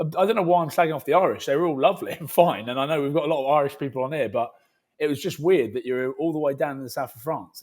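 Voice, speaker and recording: Husky-voiced man telling joking stories. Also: mid-range voice, a little mellow. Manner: joking, banter-heavy storytelling. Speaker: podcast co-host. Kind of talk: casual chat.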